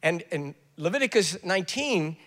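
A man's voice: sits high, expressive, moderate pace, a bit bright. An older man preaching a sermon, telling stories and putting on voices for quoted speakers, with joking asides. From US South. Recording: echoey hall.

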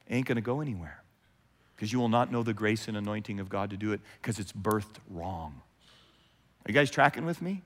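A man preaching a sermon as a pastor, animated, acting out quoted voices and swinging from loud to hushed. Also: mid-range voice, fairly quick. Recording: long hall reverb.

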